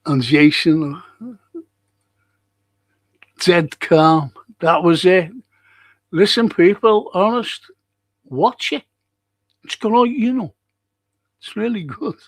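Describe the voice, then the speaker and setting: A man with a high-sitting voice hosts a live stream, reading chat comments aloud and telling rambling stories. He talks slowly, pausing often, in a chatty, casual way that keeps restarting.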